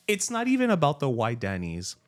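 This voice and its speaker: A man's voice: a little high, brisk. Guy ribbing his cohost, voice bounces up and down a lot. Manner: teasing, playful, lively delivery. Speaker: podcast co-host. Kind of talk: casual chat.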